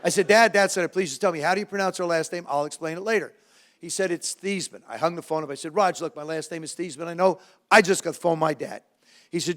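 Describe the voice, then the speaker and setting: Older man, slightly high voice. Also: quick pace. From New Jersey. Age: around 70. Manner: lively anecdotes with self-mocking humor, frequent restarts. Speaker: former quarterback, guest speaker. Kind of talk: storytelling talk to a live audience.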